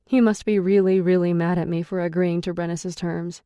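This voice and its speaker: A woman's voice: fairly low pitch, level tone, normal speed, dark tone, no room sound. A woman narrating a first-person audiobook in a wry, sarcastic storytelling manner, close to the mic.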